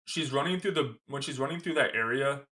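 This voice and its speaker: A man's voice: mid-range voice, brisk. A man co-hosting a podcast, casually recapping a movie scene by scene and quoting its lines. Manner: animated recapping with quoted lines and swearing. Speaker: podcast co-host. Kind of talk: casual movie review chat.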